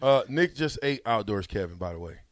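A man's voice: fairly low pitch, lively intonation, a little fast, dry recording, studio quality. A man hosting a sports radio show, teasing his co-hosts with slangy, laughing banter.

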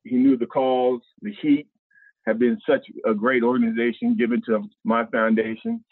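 The mid-range voice has a breathy edge and moves at a normal speed over a dry, tinny, phone-like remote connection. It belongs to a fifties-aged former pro basketball player from Ohio, a podcast guest telling casual, slangy stories and animatedly acting out other people's words.

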